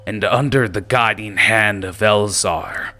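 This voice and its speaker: A man doing a booming ogre-like goblin king. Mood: rallying. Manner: slow, loud, declaiming speech. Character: huge ogre-like goblin king, horned, grandiose.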